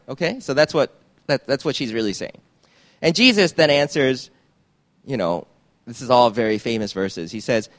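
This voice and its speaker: A man's voice: medium pitch, expressive, normal speed, fairly bright tone. A male pastor delivering a loose, conversational sermon in a mid-range voice. He rambles, restarts his sentences and keeps checking in with his listeners. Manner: casual, rambling, frequent "right?" and restarts.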